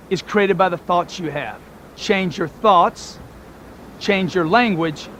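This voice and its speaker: A man's voice: sits high, fairly bright tone, a little hiss or hum. A man giving a motivational audiobook talk, emphatic and punchy, driving points home with repetition. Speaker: motivational speaker.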